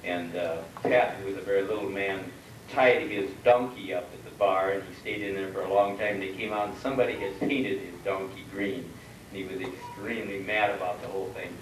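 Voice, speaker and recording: Low-voiced man telling jokes. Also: fairly even intonation, a little hiss or hum. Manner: measured storyteller, drawn-out punchlines. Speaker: reunion emcee. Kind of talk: joke telling to a crowd. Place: reunion gathering hall. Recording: roomy hall from far off.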